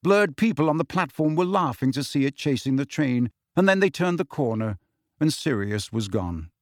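A man's voice: a little high, moderate pace, dry recording, studio quality. Man narrating a storybook. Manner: steady storytelling with shifting character voices. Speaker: audiobook narrator. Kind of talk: expressive audiobook narration.

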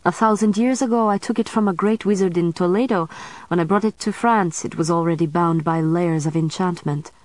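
A woman reading the part of an ancient male vampire, speaking softly and slowly in a measured, menacing way, in a storybook narration. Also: fairly low pitch, no room sound, natural voice. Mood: soft menace. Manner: soft, slow, measured delivery.

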